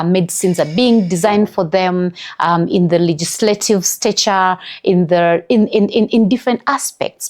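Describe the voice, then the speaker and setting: A middle-aged Ugandan woman with a Ugandan English accent hosts a motivational wellness talk, earnest and emphatic and full of "you know" fillers. Her voice is mid-range and a little mellow.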